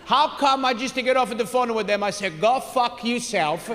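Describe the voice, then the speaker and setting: Comedian doing his gruff immigrant dad. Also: very high voice, normal speed, fairly bright tone. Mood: grumbling. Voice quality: broken English, blunt and exasperated. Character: comedian's immigrant father, older man, gruff, easily angered. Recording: stage mic in a hall with long reverb, faint noise.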